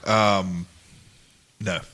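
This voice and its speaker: A man with a lowish voice talks in a loose, casual podcast chat. He explains things at length and repeats words while he thinks, like a regular who knows courtroom procedure. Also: little pitch movement, extremely slow, sharp tone. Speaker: podcast co-host with courtroom experience.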